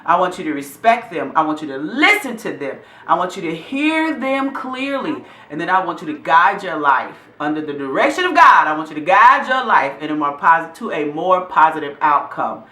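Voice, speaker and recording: A woman's voice: fairly low pitch, big pitch swings, moderate pace, hardly any pauses, bright, forceful tone, reverberant. A middle-aged woman hosting her own vlog, talking casually and encouragingly to her viewers and calling them y'all. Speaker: vlog host.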